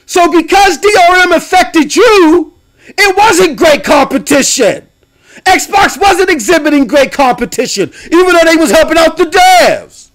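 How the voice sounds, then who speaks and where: Young guy streamer going off about games, real high voice, shouty then mumbly, laughs a lot. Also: a little slow. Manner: loud, animated, laughs often, swings between shouting and mumbling. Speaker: game streamer and podcast host. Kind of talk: ranting live-stream commentary.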